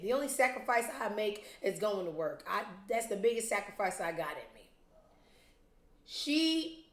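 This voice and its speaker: Blunt, sarcastic woman host in an echoey room. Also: a little high. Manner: blunt, profane and sarcastic, talks straight to viewers. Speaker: show host. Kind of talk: casual commentary vlog.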